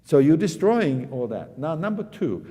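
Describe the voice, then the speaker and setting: A man's voice: fairly high pitch, big pitch swings, moderate pace, slightly rough. A male piano teacher coaching a student in a master class, speaking emphatically and singing phrases on pa and da syllables. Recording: long reverb of a hall with loud piano. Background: piano playing.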